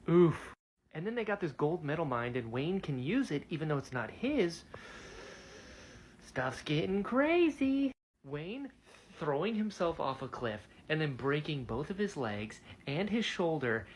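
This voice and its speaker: Animated man gushing about a book. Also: a little high, a little hiss or hum. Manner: excitable, gushing, reacts aloud with gasps and mock voices. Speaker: book reviewer. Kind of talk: casual book reaction vlog.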